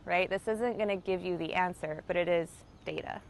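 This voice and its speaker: A woman hosting a self-help video, talking casually and playfully to her viewers and slowing into a calm, guiding cadence for mindfulness prompts. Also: lowish voice, over loud music. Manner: chatty and playful, with swearing and light laughter. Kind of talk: casual direct-to-camera talk with guided mindfulness.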